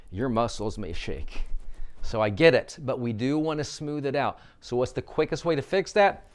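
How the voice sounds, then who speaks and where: A man coaching vocal exercises, guiding listeners through a warmup with upbeat instructions. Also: mid-range voice.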